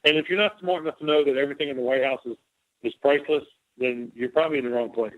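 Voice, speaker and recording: A middle-aged man, a former White House officer, tells rambling stories in a casual interview and acts out both sides of each exchange. His voice sits at an ordinary pitch. It comes through a narrow, tinny phone line. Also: fast. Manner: rambling anecdotes, acting out both sides of dialogue.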